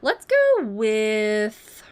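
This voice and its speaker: A woman's voice: medium pitch, wildly swooping pitch, extremely slow, smooth. A woman streamer giving casual gameplay commentary, reading game text aloud and swearing now and then.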